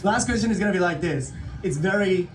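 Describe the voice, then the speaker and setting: Quick-talking man interviewing people on the street. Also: high-pitched, echoey room, far from the mic.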